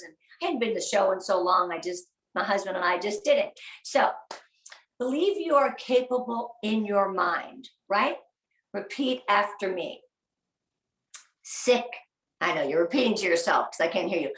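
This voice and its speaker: A middle-aged woman giving an earnest, upbeat motivational talk to a sales team and getting them to repeat phrases after her. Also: medium pitch. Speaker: guest speaker at a sales training. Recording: echoey room, voice a bit far from the mic.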